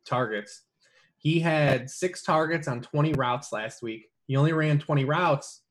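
Man, casual podcast analyst, mid pitch, rambling, filler-heavy. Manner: rambling, many fillers and restarts. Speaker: fantasy football analyst.

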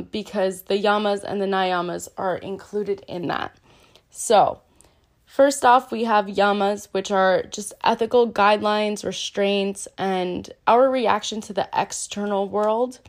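A woman teaching yoga in a casual, earnest way, chatty and self-deprecating, with lots of "um" and "like". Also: medium pitch. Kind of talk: casual explanatory talk.

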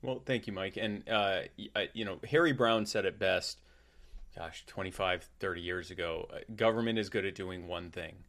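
A man's voice: low voice, moderate pace, a bit bright. A middle-aged man from the United States hosting a podcast in casual chat, talking with many fillers and restarts. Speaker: podcast host.

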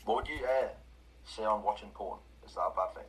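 A man's voice: lowish voice, a little fast, slight background noise, poor audio. A man calling into a live stream who throws in cheeky, provocative questions. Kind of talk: casual joking chat.

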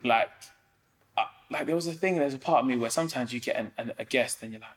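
Speaking fast at a medium pitch, a man who's a comedian rambles through casual podcast chat as a guest. He's slangy and leans on fillers, often asking "do you know what I mean."

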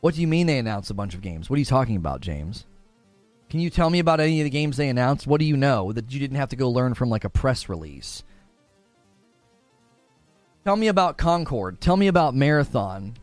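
A man hosting a casual live stream, chatting with viewers and leaping into a high, exaggerated voice when acting out others. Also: no room sound. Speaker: livestream host.

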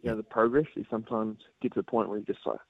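Calling in to a radio show, a man with a New Zealand accent keeps things easygoing and relaxed, laughing and using many filler words. His voice is lowish and creaky, and he talks at a racing pace. The casual interview comes through a tinny phone line in a dry recording.

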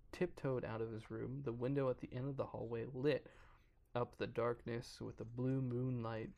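Gravelly man reading a horror story. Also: medium pitch. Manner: stumbles over words and breaks off to joke. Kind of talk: casual reading of a creepypasta.

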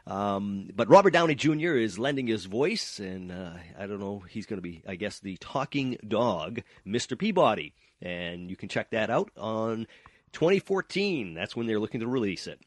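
A man's voice: lowish voice, sing-song, normal speed, no echo. A man hosting an entertainment show while stuffed up with a cold, chatting along with many uhs. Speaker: host.

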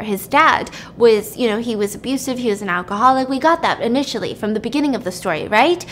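A woman podcast host casually retelling a movie plot, chatty and animated with plenty of filler words. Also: fairly high pitch, a little hiss or hum.

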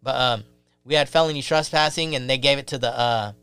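Young male storyteller, bright, forceful delivery, lots of swearing, dry close mic. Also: medium pitch, a little fast, smooth, no room sound. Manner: profane, animated storytelling with acted quotes. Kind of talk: casual chat.

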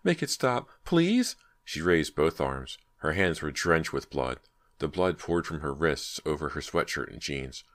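A man reading a horror audiobook in a steady, measured way. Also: rumbling low. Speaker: audiobook narrator. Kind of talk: scripted horror narration.

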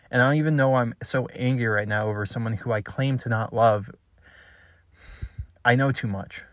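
Low-voiced man, frustrated confessional monologue. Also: a bit bright, no echo, clean studio sound. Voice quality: frustrated, halting and blunt. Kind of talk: confessional spoken message.

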